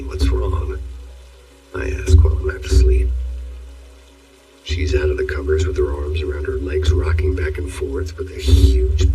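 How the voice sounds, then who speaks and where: A man narrating horror stories in a hushed, low-key delivery, recorded on a distant mic with faint music underneath. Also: roomy sound. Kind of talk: scripted horror story narration.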